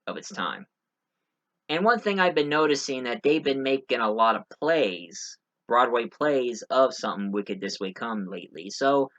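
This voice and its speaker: A man's voice: mid-range voice, fairly bright tone, lo-fi sound. A man giving a casual spoken movie review, rambling with many fillers and restarts.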